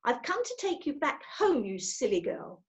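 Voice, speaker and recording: A woman voicing a brisk, practical male storybook creature, bossy and impatient. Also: sits high, sing-song.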